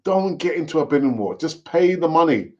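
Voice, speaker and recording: A man hosting a casual live football fan stream, talking in an animated, repetitive, rambling way. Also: fairly high pitch, a little fast, muffled recording. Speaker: football fan channel host.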